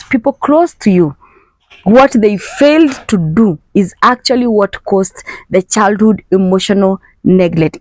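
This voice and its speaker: A woman's voice: medium pitch, darkish tone, dry recording, low-quality recording. A middle-aged woman, a mother, talking earnestly about emotional neglect, repeating her points for emphasis and acting out inner voices. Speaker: foster mom and parenting speaker. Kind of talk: earnest talk to camera.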